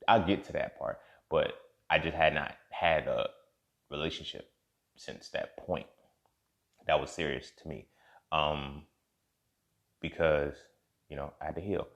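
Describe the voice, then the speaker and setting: A young man, candidly telling a personal story in a casual monologue and acting out the dialogue. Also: very deep voice. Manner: candid and profane, reenacting dialogue, heated in spots.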